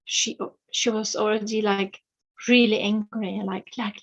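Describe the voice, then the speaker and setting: Slow, hesitant woman storyteller. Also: medium pitch, level tone, highs cut off. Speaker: author and storyteller. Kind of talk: fairy tale storytelling.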